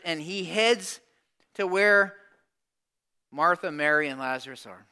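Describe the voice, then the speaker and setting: A man preaching with a high, bright voice. He tells the story in a lively, conversational way and slips into the voices of the people in it. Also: moderate pace, long pauses. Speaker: pastor. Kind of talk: sermon.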